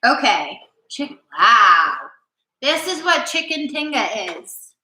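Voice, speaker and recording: Bright, high-voiced joking woman. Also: very animated, slow pace. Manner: playful, joking, teasing. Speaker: cooking livestream host. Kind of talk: casual chat while cooking. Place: home kitchen. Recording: echoey kitchen, faint noise.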